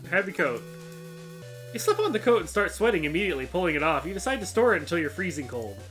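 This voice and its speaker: A woman's voice: on the low side, big pitch swings, rapid-fire, soft background music. A woman streamer reading a video game's story text aloud, with playful asides. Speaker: streamer and game developer.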